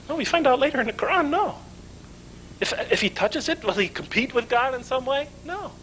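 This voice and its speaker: High, bright-voiced male lecturer. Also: a little hiss or hum, poor audio. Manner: asks rhetorical questions and answers them himself. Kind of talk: conference lecture.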